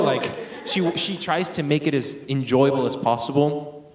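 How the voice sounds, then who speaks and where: A teenage boy answers a panel question in a casual, meandering way, leaning on fillers as he thinks aloud. His voice sits in an ordinary middle range. The sound carries a clear room echo from a school hall. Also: mid-range voice, moderate pace, distant mic. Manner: rambling, full of "like" and "um". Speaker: student panelist. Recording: echoey room.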